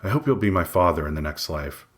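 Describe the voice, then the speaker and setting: A man reading his own memoir aloud in first person, measured, matter-of-fact and wry. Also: sits low, lively intonation. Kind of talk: first-person audiobook narration.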